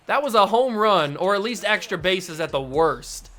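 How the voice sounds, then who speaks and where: A young gaming YouTuber comments on his own baseball video game, his high-pitched, sharp voice unhurried but lively in intonation. He's self-deprecating and gets exasperated at his own mistakes.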